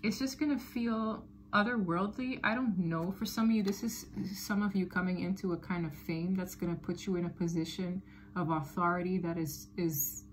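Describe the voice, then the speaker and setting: A woman's voice: lowish voice, moderate pace, a little hiss or hum, poor audio. Rambling woman giving a tarot reading. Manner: animated, rambling, often laughs and repeats phrases. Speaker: tarot reader. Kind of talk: casual tarot reading to camera.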